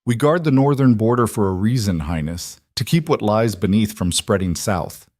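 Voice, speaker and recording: A man's voice: fairly low pitch, animated, normal speed, a little mellow, no room sound, clean studio sound. A man voicing a huge, scarred, fierce wolf-pack alpha who growls his lines in a thick northern accent and speaks with solemn weight.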